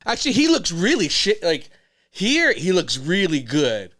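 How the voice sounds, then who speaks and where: A man's voice: high voice, wildly swooping pitch, measured pace, fairly bright tone, no echo, clean studio sound. A man hosting a reaction video, talking in a rambling, chatty way with many fillers. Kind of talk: casual reaction commentary.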